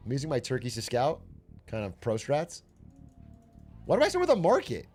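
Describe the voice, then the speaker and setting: His medium-pitched, slightly mellow voice swoops wildly in pitch at a normal speed. A young man streaming a strategy game, he chats casually, jokes, swears, and steadies his nerves by talking them through, often repeating himself. Faint game music plays in the background.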